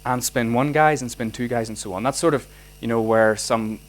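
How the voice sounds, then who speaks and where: A man with a Northern Irish accent giving a physics lecture and answering student questions, animated, restarting his sentences often with many fillers. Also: mid-range voice, brisk, poor audio. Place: lecture hall.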